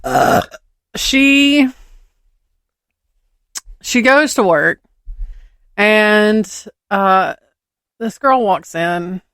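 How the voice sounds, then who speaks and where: A woman's voice: lively intonation, drawn-out words, long pauses, fairly bright tone, smooth, no room sound. A woman with a Southern American accent, co-hosting a podcast and improvising a rambling story, hesitant and full of restarts. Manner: rambling, hesitant, voices characters with small pitch lifts. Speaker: podcast co-host.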